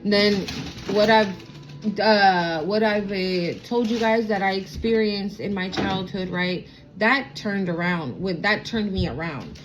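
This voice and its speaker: A woman's voice: mid-range voice, slow, soft background music, rough recording. Sassy woman, blunt casual spiritual vlog. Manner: sassy, blunt, swears freely with slang. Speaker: tarot reader.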